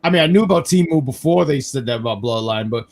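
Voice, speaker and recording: A man from New York hosting a casual live wrestling review stream, telling animated stories with self-mocking jokes. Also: mid-range voice, fast. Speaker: podcast host.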